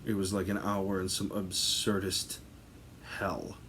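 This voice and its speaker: A man hosting a podcast drifts through a comic tale at an unhurried pace, his voice sitting a bit low. He rambles, piles on fillers and keeps breaking into laughter. A faint hiss sits under the recording. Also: flat delivery, fairly bright tone. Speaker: podcast host. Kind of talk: casual comic storytelling.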